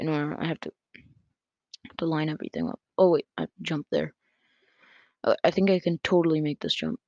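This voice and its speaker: A gaming YouTuber giving casual, excitable play-by-play commentary on a close mic that picks up breathing, with quick self-corrections. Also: mid-range voice, no room sound. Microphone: close desk mic picking up breath. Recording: dull lo-fi dry sound.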